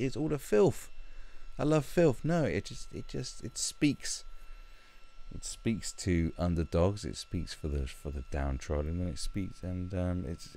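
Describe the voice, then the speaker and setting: Gravelly deep-voiced man ranting. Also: a little mellow. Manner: rambling, sweary, restarts sentences often. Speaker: YouTube commentator. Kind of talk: ranting commentary.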